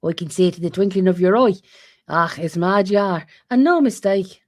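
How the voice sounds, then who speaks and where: A woman's voice: fairly low pitch, animated, normal speed, natural voice. A woman doing a sly trickster servant. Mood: teasing. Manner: wheedling, teasing, mock-soothing.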